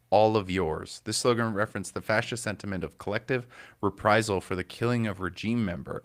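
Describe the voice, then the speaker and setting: A man's voice: low voice, fairly bright tone, no room sound. A man hosting a comedy show, talking loosely over video clips with fillers and swearing. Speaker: comedian host. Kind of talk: casual commentary on clips.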